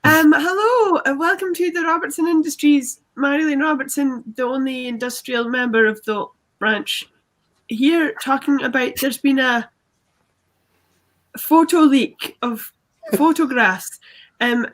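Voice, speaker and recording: A woman's voice: high voice, measured pace, a bit bright. A woman improvising a nervous, stammering woman CEO who fumbles through a press conference apology. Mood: flustered. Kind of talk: improvised comedy.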